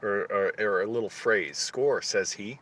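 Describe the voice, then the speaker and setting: A man streaming live, thinking aloud in casual chat, halting often as he searches for names. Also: lowish voice, a bit bright, slight background noise.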